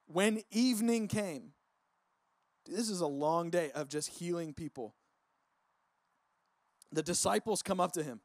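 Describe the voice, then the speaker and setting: A man preaching a casual, conversational sermon, relaxed and full of filler words. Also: high voice, measured pace, pauses often, no room sound. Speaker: pastor. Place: church service.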